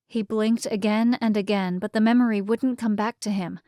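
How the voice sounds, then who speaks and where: A woman narrating an urban fantasy audiobook in a measured, even storytelling manner. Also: mid-range voice, no room sound, studio quality. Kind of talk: scripted narration.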